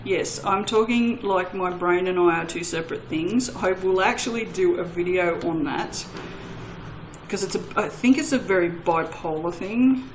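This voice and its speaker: A woman's voice: lowish voice, moderate pace, a little hiss or hum, rough recording. A woman who hosts a soap-making channel and chats casually and self-mockingly to her viewers while she crafts, laughing often.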